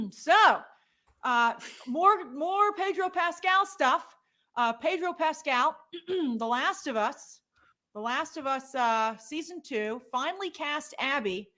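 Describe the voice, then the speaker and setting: A woman's voice: high-pitched, expressive, slow pace, bright, forceful tone. A middle-aged woman co-hosting a movie news show in casual chat, opinionated and reading out viewer comments and polls.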